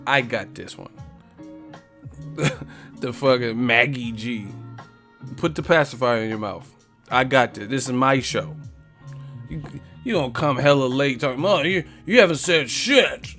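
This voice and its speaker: A man's voice: mid-range voice, fairly bright tone. A man hosting a boxing live stream in a casual, profane, joking way, reading viewer comments aloud and trash-talking back at them.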